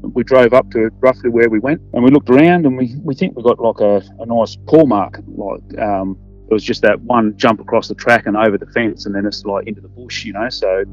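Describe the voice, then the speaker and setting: A man recounting what he saw in an interview, hesitant, with many fillers. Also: on the low side. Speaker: interviewee, eyewitness. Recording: dull lo-fi sound, faint music.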